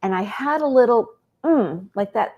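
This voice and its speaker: A woman, a guest on an interview show, telling a personal story in an animated way and acting out bits of dialogue. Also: a little high, normal speed, highs cut off.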